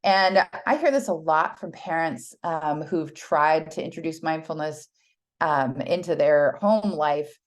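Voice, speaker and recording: A middle-aged American woman giving a casual, earnest talk on teaching mindfulness to children, with many fillers and restarts. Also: low-pitched.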